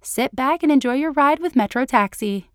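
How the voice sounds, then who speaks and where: A woman reading a story voices a cheerful talking taxi car with a bright, announcer-like manner. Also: high-pitched, expressive, normal speed, no echo, studio quality, pitched above the performer's own voice.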